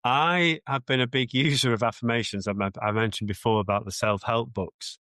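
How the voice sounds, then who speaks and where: A man's voice: mid-range voice, steady tone, moderate pace, pushed and bright, no echo. A man with a British accent, a mindset coach answering interview questions in an earnest, reflective way, often restarting his sentences.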